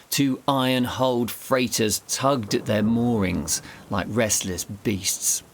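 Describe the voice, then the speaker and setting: A man's voice: fairly low pitch, slight background noise. A man narrating a scripted historical mystery in a suspenseful, vivid storytelling manner.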